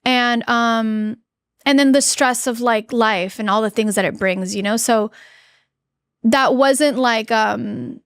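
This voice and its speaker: Earnest higher-voiced woman in her thirties. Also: smooth, dry recording. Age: 30s. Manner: earnest, halting, many fillers and restarts. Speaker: podcast guest. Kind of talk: candid interview storytelling.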